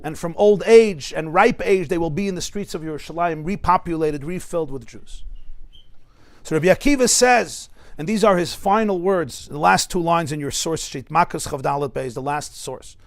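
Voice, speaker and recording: A rabbi teaching a lecture-style class in a study hall, telling stories with asides and building to emphatic, impassioned peaks. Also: male voice, on the high side, normal speed, creaky. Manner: storytelling with asides to listeners.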